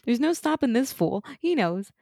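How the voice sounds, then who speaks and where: A woman's voice: on the high side, moderate pace, creaky, dry recording, clean studio sound. A woman co-hosting a podcast, chatting casually through an episode recap and mocking characters in quoted lines. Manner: animated, mocking voices in quotes. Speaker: podcast co-host.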